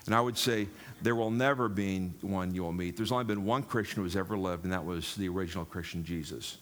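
A man's voice: deep voice, fast talker, fairly bright tone. An older man preaching a sermon in a jokey, rambling way, talking straight to the congregation. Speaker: pastor.

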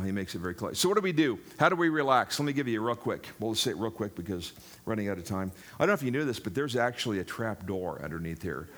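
A man's voice: on the low side, a bit bright. An older man preaching a sermon in a jokey, rambling way, talking straight to the congregation. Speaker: pastor.

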